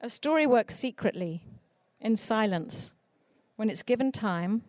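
A woman children's author speaks earnestly about writing for children. Her voice sits somewhat high. She talks expressively, now and then dropping into mock voices, and the sound is dry and close. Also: expressive, a little slow, a little mellow, dry recording. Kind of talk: conference talk.

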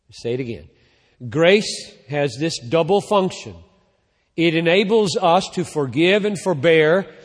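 Slow, deliberate preacher in a big hall. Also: male voice, mid-range voice. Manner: slow, deliberate preaching that swells loud then falls to near-quiet. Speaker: pastor. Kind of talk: sermon.

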